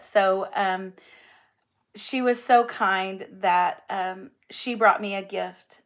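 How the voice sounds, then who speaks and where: A woman hosting a cross-stitch video, chatting casually and gushing enthusiastically over gifts she shows. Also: mid-range voice. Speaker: flosstube host. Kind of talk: casual show-and-tell chat.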